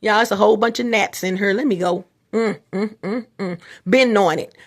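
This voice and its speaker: A woman's voice: mid-range voice, fairly quick. A middle-aged woman vlogging in a casual, rambling monologue, repeating herself and talking straight to her viewers. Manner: repetitive, restarts often, talks straight to viewers.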